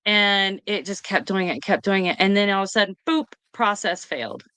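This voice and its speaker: A woman hosts a chat and retells what happened in a quick, rambling, excited rush. Her voice is mid-pitched and recorded dry and close, with no room sound around it. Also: clean tone, dry recording. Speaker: host. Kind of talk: casual storytelling chat.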